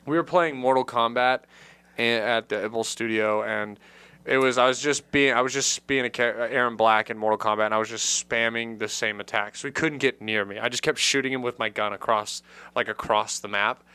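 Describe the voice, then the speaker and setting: Bright, clear-voiced male podcast host. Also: mid-range voice, brisk. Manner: animated storyteller, acts out shouted quotes. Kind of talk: casual comedy podcast banter.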